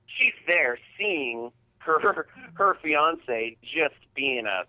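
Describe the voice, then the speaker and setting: A man's voice: a little high, animated, extremely slow. A man hosting a podcast, retelling an embarrassing story in a casual, profane, heated way. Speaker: podcast host. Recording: tinny phone-like sound.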